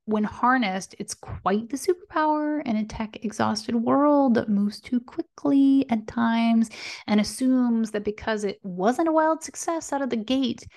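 A woman's voice: on the high side, unhurried, a little mellow. A woman hosting an astrology podcast in a casual solo monologue, chatty, often checking in with "right?" and laughing lightly as she goes. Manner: chatty, tags lines with "right?" and "okay?".

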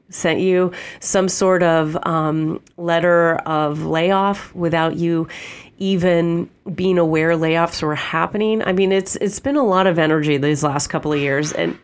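Nasal woman with a head cold. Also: fairly low pitch. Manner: chatty, frequent "okay?" check-ins, laughs easily. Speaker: podcast host. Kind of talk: off-the-cuff spiritual podcast monologue.

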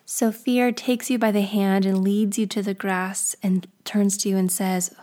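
A woman's voice: mid-range voice, steady tone, moderate pace, hardly any pauses, mellow. A woman speaker telling a vivid guided story about creativity, often in a half-whisper.

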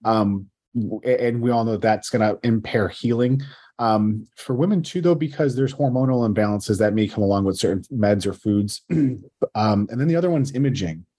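A man's voice: lowish voice, moderate pace, dark tone. A man, a physical therapist guest on a podcast, explaining earnestly with many ums and restarts. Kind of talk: casual interview chat.

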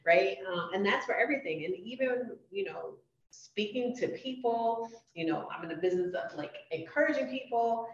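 A woman hosting a podcast, telling stories in an animated, chatty way. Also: mid-range voice, moderate pace. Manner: animated storyteller. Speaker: podcast host. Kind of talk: casual interview chat. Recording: roomy, distant, muffled podcast audio.

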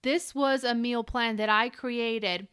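A woman's voice: fairly high pitch, fairly even intonation, slow, fairly bright tone, clean tone, no echo. A woman hosting a solo podcast as a keto coach, chatty and encouraging, talking straight to the listener from a close mic. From Ukrainian family.

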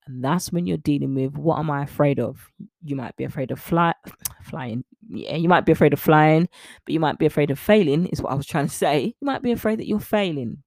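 A woman's voice: lowish voice, a little mellow, no echo, studio quality. A woman, a young adult weight-loss coach talking on her podcast in an earnest, encouraging, rambling way. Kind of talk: casual motivational podcast talk.

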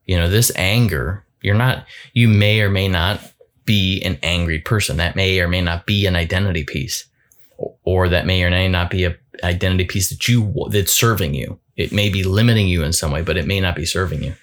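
Deep-voiced man in a reflective talk. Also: steady tone, a bit bright. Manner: thoughtful, halting, repeats words, light laughs.

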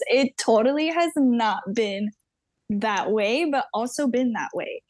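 A woman's voice: fairly high pitch, takes it slowly, a little mellow, no echo. A woman in her twenties, a podcast guest, talking candidly in a chatty way full of "like". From Southern California. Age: 20s. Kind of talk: casual conversation.

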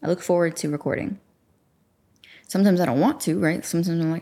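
A podcast host and life coach talks casually into a studio mic, guiding listeners through journaling in a chatty, affirming way and acting out her own thoughts. Her voice is low, mellow and flat in delivery, at a normal speed.

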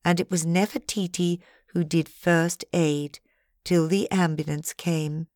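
A woman's voice: on the low side, steady tone, unhurried, a little mellow, no echo, clean studio sound, lightly acted. Woman voicing a gossipy, chatty old friend.

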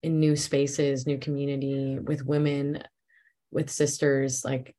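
A woman with a notably low voice speaks as a guest on a relaxed podcast. She is thoughtful and searching, circling back and repeating words as she finds what she means. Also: slow. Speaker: guest, intimacy coach. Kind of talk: casual conversational interview.

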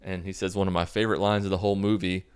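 A man casually recapping a movie in a sarcastic, deadpan way, swearing freely. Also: low-pitched, rapid-fire, clean tone. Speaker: video host recapping a movie.

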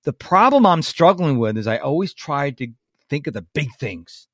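A man hosting a podcast, telling family stories in a casual, animated way. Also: fairly high pitch, normal speed, dry recording, studio quality. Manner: animated storyteller, quotes family members in lively voices. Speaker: podcast host.

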